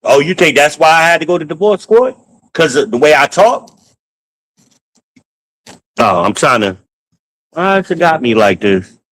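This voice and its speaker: A man hosting a podcast, ranting in a casual, profane, animated way while walking around his home with a handheld phone. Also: a little high, measured pace, pauses often, low-quality recording. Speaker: podcast host. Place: at home, moving between rooms.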